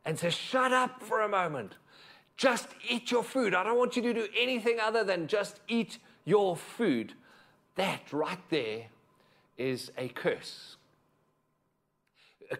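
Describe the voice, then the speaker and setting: A man preaching a sermon as a pastor, moving between emphatic points and hushed, intimate passages. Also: mid-range voice.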